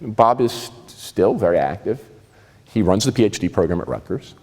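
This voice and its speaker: A man in his sixties from New Jersey with a New Jersey accent, telling personal stories in a lively, conversational and self-mocking way. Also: on the low side, normal speed, big-room sound. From New Jersey, USA. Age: 60s. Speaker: speaker giving a talk. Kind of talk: personal storytelling talk.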